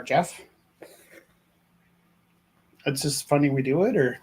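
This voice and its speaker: A man's voice: on the high side, slow, darkish tone, breathy edge. A man chatting casually while making art on a live stream, musing aloud and poking fun at himself. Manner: musing, rambling, self-deprecating.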